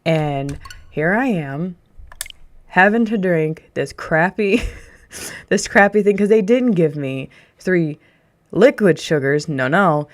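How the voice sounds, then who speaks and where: A young woman streamer chatting casually with her live audience. Her voice sits a little low, and she rants her way through a story with frequent laughs. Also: expressive, slow pace. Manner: ranting storyteller, laughs often.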